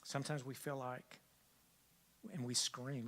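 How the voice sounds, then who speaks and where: An older man preaching a sermon as pastor, swinging from loud emphatic lines to hushed whispers and repeating key phrases for emphasis. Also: a little high, moderate pace, slight background noise.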